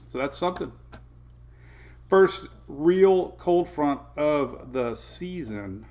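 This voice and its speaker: A chatty middle-aged man runs a relaxed morning weather show. He greets viewers one by one with an easy, friendly banter, and his speaking voice sits a little higher than most men's. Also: takes it slowly. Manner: chatty, greets viewers by name, chuckles often. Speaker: weather livestream host. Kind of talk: casual morning weather chat.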